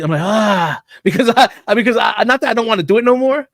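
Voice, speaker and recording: A man's voice: high-pitched, lively intonation, fast, few pauses, no room sound, clean studio sound. A man hosting a casual podcast, who rambles and repeats words as he starts his thoughts. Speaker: podcast host.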